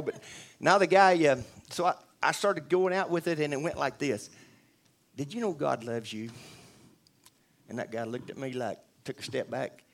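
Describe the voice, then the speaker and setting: Man, church testimony, earnest, conversational, lots of restarts and asides to the room. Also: a little high. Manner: rambling, earnest, with many restarts and asides to the audience. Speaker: church member giving testimony. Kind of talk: spoken testimony.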